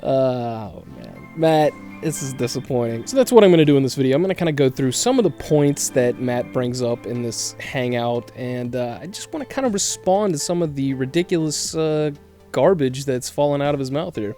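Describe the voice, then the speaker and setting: Man, commentary vlog host, halting delivery, warm mellow tone, soft music behind. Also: mid-range voice, lively intonation. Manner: hesitant, with fillers and sighs. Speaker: YouTube commentator. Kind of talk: commentary video.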